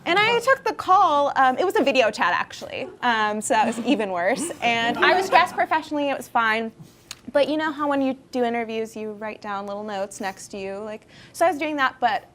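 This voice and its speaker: A woman's voice: on the high side, lively intonation, fairly quick, fairly bright tone. A woman in her twenties, a festival founder, telling stories in a casual interview with many fillers and frequent laughter. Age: 20s. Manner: chatty storyteller, laughs often, many fillers.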